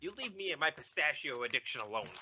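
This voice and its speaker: A man's voice: a little high, fast talker, slight background noise. A man co-hosting a podcast, chatting and joking casually while watching a movie. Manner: animated, jokey, puts on silly voices. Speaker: podcast co-host. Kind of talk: casual chat over a movie. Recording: dull lo-fi sound.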